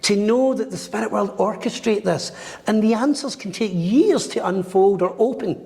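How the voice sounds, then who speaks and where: With a high, gravelly voice at a moderate pace, a psychic medium guest tells stories during a podcast interview. He's animated, acting out each character's voice, and the room around him echoes with long reverb.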